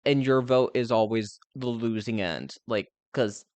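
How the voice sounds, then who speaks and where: A man's voice: medium pitch, measured pace, a little mellow, no room sound. A young man chatting casually as a live streamer, speaking candidly and rambling with lots of filler words. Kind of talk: casual chat.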